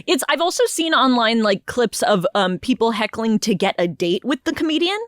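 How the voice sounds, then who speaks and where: A woman's voice: a little high, sing-song, moderate pace, dry recording, clean studio sound. A woman co-hosting a podcast, asking curious, conversational questions of her guest. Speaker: podcast co-host. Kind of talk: casual podcast chat.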